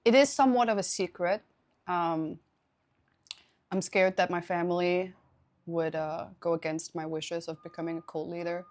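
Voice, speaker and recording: A woman's voice: on the low side, fairly even intonation, normal speed, a little mellow. A young woman live streaming, chatting casually with her viewers, laughing often and thanking them for subscriptions.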